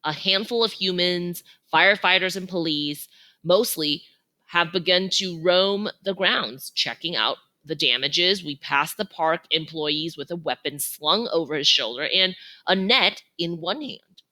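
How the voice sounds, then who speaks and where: A woman reading a children's novel aloud in an expressive, animated way. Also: on the low side, unhurried. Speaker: reader.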